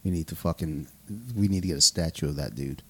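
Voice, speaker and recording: A man with a notably low voice chats casually on a podcast, swearing freely and laughing through his stories. He talks loosely, circling back and restarting as he goes. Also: fast talker, husky. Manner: loose, profane, laughing storyteller. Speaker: podcast co-host. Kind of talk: casual chat over beers.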